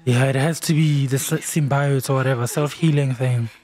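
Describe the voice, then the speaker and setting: A man playing a video game and reacting out loud, excitable and exclaiming at the screen. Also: medium pitch, normal speed. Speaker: gamer. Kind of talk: let's play reactions. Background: game sound and music.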